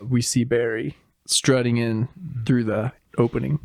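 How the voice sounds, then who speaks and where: A man co-hosting a podcast, casually retelling a film from memory in a brisk, joking way. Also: medium pitch, steady tone, gravelly, darkish tone, dry recording, clean studio sound. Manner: brisk, joking, acts out quotes. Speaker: podcast co-host.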